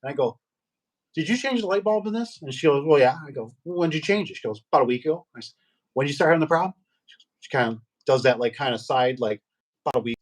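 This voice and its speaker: A man's voice: mid-range voice, rapid-fire. Middle-aged man, casual guest on a trade chat show; rambling storyteller who acts out dialogue. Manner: rambling, animated anecdotes with acted-out quotes. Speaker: guest, garage door business owner.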